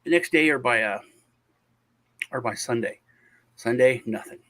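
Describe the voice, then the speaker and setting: A man's voice: mid-range voice, moderate pace, a bit bright. A man hosting a show, telling a long story in casual chat over a video call, with lots of restarts and sighs. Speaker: show host.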